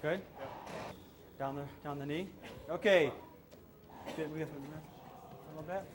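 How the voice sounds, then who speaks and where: High-voiced man giving short commands. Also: unhurried, background noise. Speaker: self-defense instructor. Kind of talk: coaching a hands-on class.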